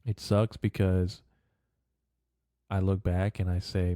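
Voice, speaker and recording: A man in his twenties with a low, very dark and mellow voice talks on his podcast. He rambles in a loose, profane way, full of "bro" and "dude". The sound is dry and close, with no room around it. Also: little pitch movement, slow, dry recording. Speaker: podcast host. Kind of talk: casual rambling monologue.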